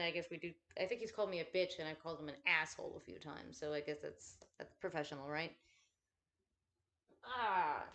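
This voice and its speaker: A woman chatting casually at home while folding laundry, rambling and swearing freely with self-deprecating asides. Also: fairly low pitch.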